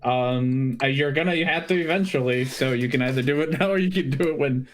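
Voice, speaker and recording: Halting male game master. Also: mid-range voice. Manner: halting, many fillers, laughs easily. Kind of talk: narrating a tabletop game.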